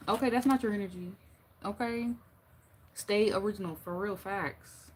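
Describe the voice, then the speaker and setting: A woman's voice: mid-range voice, moderate pace, darkish tone, husky. Blunt, laughing woman tarot reader. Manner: blunt, profane and playful, laughing often. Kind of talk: casual tarot reading monologue.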